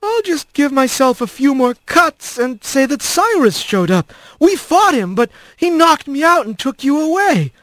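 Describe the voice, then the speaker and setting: Treacherous male hawk, read by a man, high and lively, in a dry close recording. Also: unhurried, dry recording, full character voice. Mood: soft menace. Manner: soft menace turning to shrieking panic. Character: treacherous male hawk, soft then frantic.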